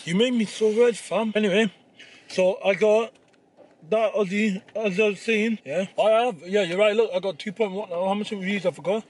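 Young man, high voice, cheeky car-vlog banter, phone mic in the car. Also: steady tone, normal speed. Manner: swearing, teasing, banter. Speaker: vlogger. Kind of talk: casual chat. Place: in a parked car.

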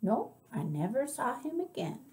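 A woman reading aloud, voicing an old woman librarian who tells a slow, wistful story with dramatic swells. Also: on the high side, big pitch swings, a little mellow, voice pushed up.

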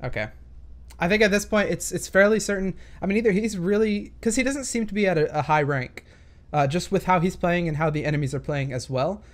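A young man comments casually on gameplay footage, thinking aloud and hesitating with lots of fillers. His voice is high-pitched and a little fast.

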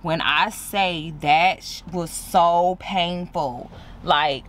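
A woman vlogging casually from inside her car, sore and recovering after surgery, chatty and animated, addressing viewers as "y'all" and "girl". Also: lowish voice, very slow. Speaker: beauty vlogger. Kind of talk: casual vlog chat to camera.

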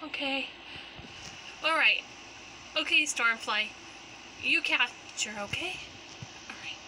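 A woman voicing every character in a homemade fan play, excitable and switching from voice to voice. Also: sits high, takes it slowly, long pauses, noisy background.

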